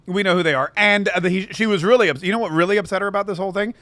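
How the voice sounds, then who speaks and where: A man hosting an opinionated political commentary show, sarcastic and prone to rambling asides. His voice sits high for a man. The sound is dry and close. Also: very fast, pushed and bright, no echo.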